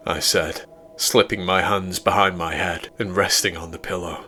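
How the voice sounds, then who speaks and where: A British man narrating a sci-fi horror story in a measured, steady way. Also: deep voice.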